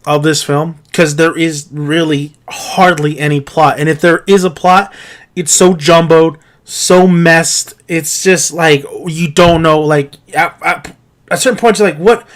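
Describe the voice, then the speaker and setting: A man's voice: on the high side, a bit bright. A man giving an exasperated, profane film-review rant, firing off incredulous rhetorical questions and laughing between points. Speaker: movie reviewer.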